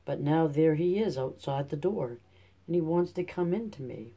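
A man's voice: on the high side, expressive, moderate pace, vocal fry, dark tone. A man reading a storybook aloud, voicing a spoiled young princess with a raised, eager and pleading delivery. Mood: fretful.

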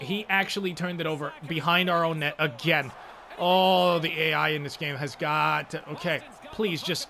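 A young man giving live commentary over his own hockey video game, swinging between loud frustrated outbursts and quiet muttering, swearing often. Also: fairly high pitch. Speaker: gaming channel host.

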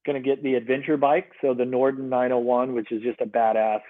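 A man's voice: mid-range voice, brisk. Middle-aged man on a tinny line. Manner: relaxed, rambling with many fillers. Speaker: podcast guest. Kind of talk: casual conversation.

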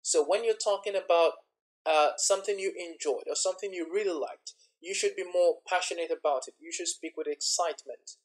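Deliberate IELTS speaking teacher. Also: medium pitch, low-quality recording. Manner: slow, deliberate, repeating example words in lists. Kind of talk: recorded exam-prep lesson over slides.

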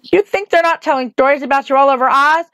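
A bitter, cornered witch speaks in a sharp, scornful voice that threatens, as a woman reading aloud puts her on. The voice sits slightly high. It is recorded close and dry. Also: steady tone, fast talker, no room sound. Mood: accusing.

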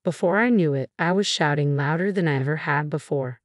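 A woman narrating a first-person drama story in an even, steady reading voice. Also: deep voice, brisk, hardly any pauses, dry recording, clean studio sound.

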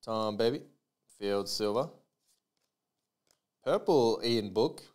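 A man hosts a live trading card break, reading out each player and serial number as he pulls the cards. He talks at a slow, unhurried pace in a smooth, clear voice. Between pulls he tosses off casual remarks to the viewers. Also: lowish voice, a little mellow. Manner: rattles off player names and numbers, chatty asides to viewers.

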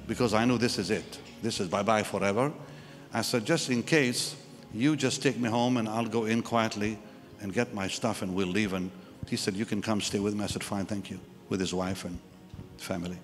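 A man preaching a sermon at a live church service, telling a personal story and acting out the voices of the people in it. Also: fairly low pitch. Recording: live church hall with reverb and music.

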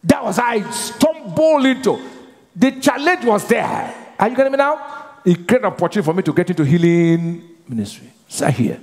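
High-voiced male preacher in a reverberant hall. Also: sing-song, moderate pace, darkish tone. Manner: call-and-response preaching, asks the congregation to finish his sentences. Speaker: pastor. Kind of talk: sermon. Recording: long reverb of a church hall.

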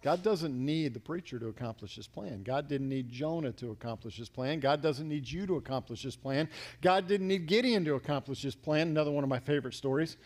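A man pastor preaching a sermon, swinging between loud emphatic lines and hushed near-whispers as he acts out quotes. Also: fairly high pitch, fairly quick.

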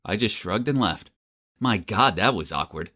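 A man's voice: lowish voice, lively intonation, normal speed, sharp tone. A young man narrating a story in the first person, wry and self-mocking.

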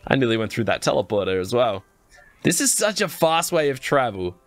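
A young Australian man giving chatty, excitable Let's Play commentary as a gaming YouTuber, talking straight to his viewers. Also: medium pitch, a little fast, no room sound, soft background music.

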